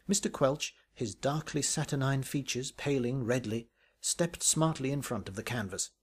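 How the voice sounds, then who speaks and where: A man's voice: medium pitch, normal speed, husky. A man reading a comic parody story aloud in a dry, wry, arch manner. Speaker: narrator.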